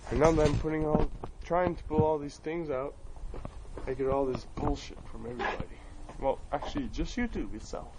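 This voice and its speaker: In a very noisy cell phone recording, an Acadian French Canadian man speaks a little fast in a slightly high, steady voice. Standing outdoors near his home filming the sky, the vlogger rants furiously, swearing constantly and saying the same things over and over.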